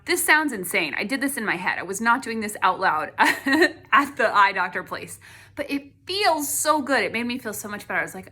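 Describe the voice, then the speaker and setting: Bright, chatty woman artist. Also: medium pitch, animated, moderate pace. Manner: chatty with frequent fillers, drops to a soft hush. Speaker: artist and host. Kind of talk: casual talk to camera.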